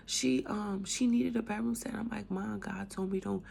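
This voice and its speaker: A woman with a cold telling her faith testimony in a casual, animated way, moving between loud outbursts and hushed whispers. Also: medium pitch, moderate pace, creaky, slightly rough. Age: adult with a young son. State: has a cold, coughing. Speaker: speaker sharing her testimony.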